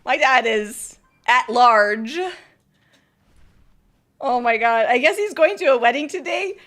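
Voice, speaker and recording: A woman streamer chatting casually, telling a story in an excitable, giggly way. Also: a little high, slow. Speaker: game streamer. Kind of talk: casual chat.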